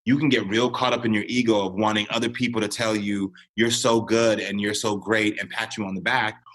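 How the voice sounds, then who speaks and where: A man in his thirties, a podcast guest talking earnestly and reflectively, getting animated when he tells a story. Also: lowish voice, fairly quick. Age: 30s. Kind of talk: podcast conversation.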